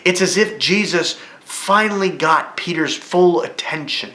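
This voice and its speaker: Man teaching a lively Bible lesson. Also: high voice, unhurried. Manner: vivid retelling, rising excitedly at key moments. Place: church room. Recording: echoey room.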